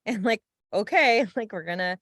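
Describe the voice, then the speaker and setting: A woman's voice: medium pitch, expressive, moderate pace, fairly bright tone, no room sound, studio quality. A woman co-hosting a podcast, talking reflectively in a casual chat and laughing often. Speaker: podcast co-host.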